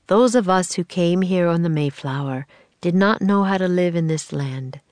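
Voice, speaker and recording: A woman's voice: lowish voice, normal speed, darkish tone, dry recording, close to an everyday voice. A woman reading aloud, voicing a colonial governor who makes a formal speech. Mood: solemn. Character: solemn colonial governor, grown man.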